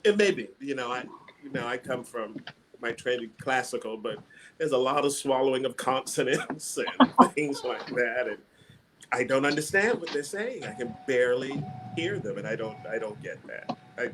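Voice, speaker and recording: A man actor on a panel, talking in an animated, exasperated, comic way over a video call. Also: medium pitch, moderate pace, background noise. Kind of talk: casual panel chat.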